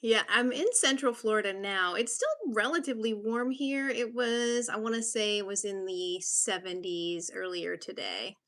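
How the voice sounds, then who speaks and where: An upbeat woman hosts a casual livestream in a mid-pitched voice, chatty and friendly with each viewer. She grew up in Massachusetts and talks easily and informally. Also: normal speed, hardly any pauses, a bit bright. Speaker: livestream host. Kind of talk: casual live-stream chat.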